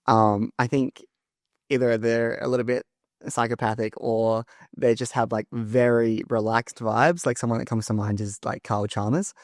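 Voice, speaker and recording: A young Australian man talking as a guest in a casual interview, relaxed, with many ums and easy laughter. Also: medium pitch, normal speed, dry recording, clean studio sound. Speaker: Paralympic swimmer, guest.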